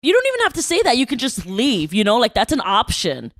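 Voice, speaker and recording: Woman guest, high animated voice, dry close sound, quick excited reactions. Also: dry recording. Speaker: podcast guest. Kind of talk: casual comedic chat.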